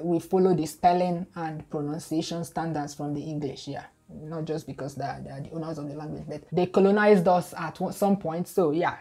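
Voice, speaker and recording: A woman's voice: low voice, dark tone. A Nigerian woman with a Nigerian accent, chatting casually to her viewers and often repeating words as she restarts. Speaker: YouTuber. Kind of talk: casual talk to camera.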